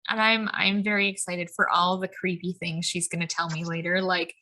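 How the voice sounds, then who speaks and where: A woman's voice: fairly low pitch, little pitch movement, moderate pace, sharp tone, slight background noise. A woman in her thirties co-hosting a podcast, chatting casually and rambling through tangents with lots of "like" and "um". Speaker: podcast co-host. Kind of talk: casual spiritual chat.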